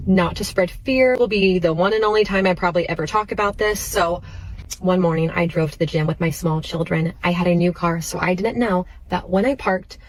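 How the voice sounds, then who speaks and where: A woman's voice: fairly low pitch, a little fast, slight background noise, rough recording. A young woman who creates mom content, telling a personal story straight to camera with emotion.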